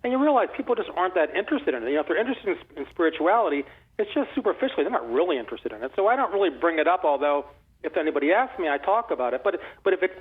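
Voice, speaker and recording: A man in his sixties, a guest author, telling stories in a rambling, animated way full of restarts. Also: fairly high pitch, breathy edge. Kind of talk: casual conversational storytelling. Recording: phone-like narrow line.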